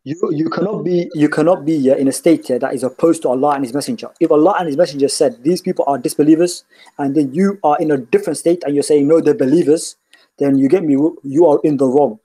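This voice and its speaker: A podcast host argues insistently, hammering the same point and checking in with "yeah?". His voice is mellow, husky and a bit high. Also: fast. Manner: insistent, repeats points, tags "yeah?" often. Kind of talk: heated religious debate.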